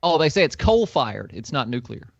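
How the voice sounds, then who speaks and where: Wry teasing co-host, dull lo-fi audio. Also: male voice, mid-range voice, very animated, moderate pace, creaky, dry recording. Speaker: live stream co-host. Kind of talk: casual live stream chat. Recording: dull lo-fi audio with music behind.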